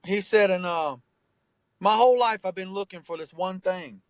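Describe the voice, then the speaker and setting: A man with a high voice speaks earnestly and emphatically, tossing in "man" and "bro" and swearing freely. The sound is dry and close to the mic, with no room around it. He tells his story with heartfelt intensity. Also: moderate pace, clear, resonant tone, no echo, poor audio. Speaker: rapper and tattoo artist, guest. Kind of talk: candid interview talk.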